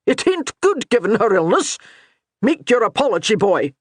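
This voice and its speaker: Brief: gruff, grumbling clansman, woman reading, muttering complaints, dry close sound. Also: mid-range voice, expressive, a little fast, no room sound, close to an everyday voice. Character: grumbling, protective older male clan soldier.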